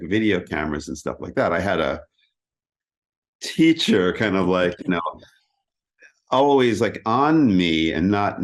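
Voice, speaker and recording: A middle-aged man in a casual interview, explaining practice in a lively way and often singing rhythms as "da da da". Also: low-pitched. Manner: animated, sings rhythms as "da da". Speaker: interview guest, keyboardist.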